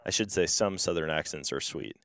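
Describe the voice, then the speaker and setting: A man's voice: rumbling low, fairly quick, vocal fry, dry recording. A young man from Wisconsin with an Upper Midwest accent, hosting a casual podcast chat and acting out the voices in his stories. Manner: animated storyteller, acts out quoted voices. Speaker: podcast host.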